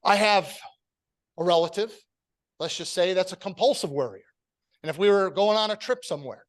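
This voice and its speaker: A man hosting a public-speaking club meeting, giving an earnest, measured prepared talk before introducing the next speaker. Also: high voice. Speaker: meeting host.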